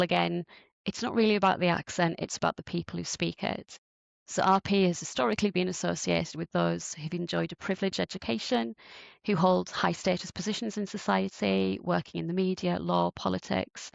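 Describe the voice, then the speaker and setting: A woman researcher calmly explaining research findings in a podcast interview. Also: lowish voice, gravelly, no room sound, highs cut off. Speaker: researcher guest.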